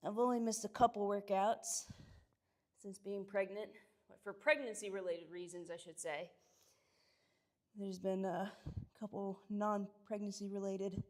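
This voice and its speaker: Young woman, out of breath, live workout stream, chatty, puffing between sets, middle-pitched voice. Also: level tone, a little slow, darkish tone. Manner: chatty, greets viewers by name, breathy exhales between sets. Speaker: fitness streamer.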